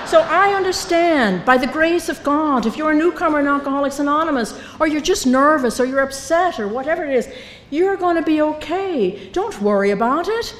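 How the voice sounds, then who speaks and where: An older woman sharing her recovery story at a meeting, storytelling with humor and acting out the voices of others. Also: high-pitched. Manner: storytelling, acts out voices, self-mocking humor. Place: meeting hall. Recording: reverberant hall, faint background noise.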